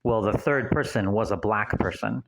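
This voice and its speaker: A man's voice: on the low side, normal speed, creaky, low-quality recording. A man giving casual audio commentary in an earnest, rambling way, full of anecdotes.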